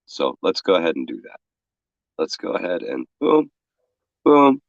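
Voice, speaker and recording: A man's voice: deep voice, sing-song, unhurried, vocal fry, no room sound, lo-fi sound. A man from New York with a stuffy cold, casually hosting a livestream and greeting the chat with loose profanity. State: congested with a cold. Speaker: livestream co-host. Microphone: separate room, remote feed.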